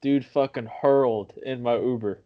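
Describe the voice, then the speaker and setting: A man's voice: mid-range voice, normal speed. A young man telling a rambling story in casual talk, swearing often and correcting himself as he goes. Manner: profane, rambling, self-correcting. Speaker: podcast guest. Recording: dull lo-fi sound.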